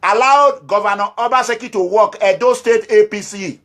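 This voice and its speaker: Impassioned high-voiced Nigerian man. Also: moderate pace, a bit bright. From Nigeria, Edo State. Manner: scolding and pleading, repeats phrases. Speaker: activist leader. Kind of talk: impassioned political address.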